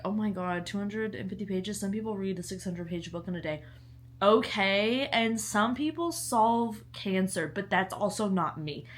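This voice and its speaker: A young book vlogger from the American South chats casually in a Southern accent, bubbly and dramatic, often swinging into laughter. Her voice is mid-range and fairly bright.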